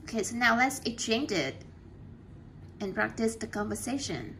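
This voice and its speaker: A woman's voice: fairly high pitch, lively intonation, a bit bright, slight background noise. A woman teaching an English class, patiently checking answers and praising students often. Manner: slow, patient.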